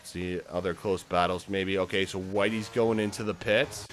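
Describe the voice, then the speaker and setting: A man's voice: low-pitched, fairly even intonation, normal speed. A man giving casual, joking live commentary on a sim race, swearing freely as he calls the action.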